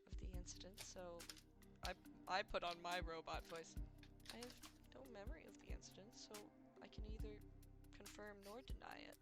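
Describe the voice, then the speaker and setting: A woman voicing a nervous young female android giving flat, clipped answers in court. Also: medium pitch, a little fast, over loud music, natural voice.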